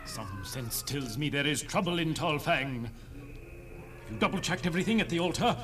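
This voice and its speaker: A man's voice: on the high side, huge pitch swings, normal speed, a bit bright. An actor playing an anxious, suspicious male cult leader in a radio drama. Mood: uneasy. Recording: distant mic with music under.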